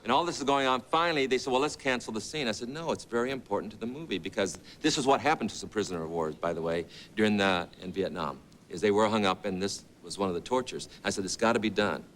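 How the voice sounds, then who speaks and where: On a TV studio set, an actor in his fifties guesting on a talk show spins rambling, casual stories stuffed with quoted lines. He has a lowish, fairly bright voice with lively intonation, talking fast with hardly any pauses. A bit of hiss or hum is audible.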